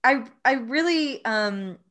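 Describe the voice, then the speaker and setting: A woman's voice: fairly high pitch, animated, slow pace, fairly bright tone. Chatty woman interviewer. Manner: chatty, with small laughs and fillers. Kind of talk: casual interview talk.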